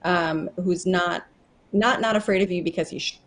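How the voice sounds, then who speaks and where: A woman's voice: fairly low pitch, moderate pace. A woman on a discussion panel, chatty and affirming of the other speakers.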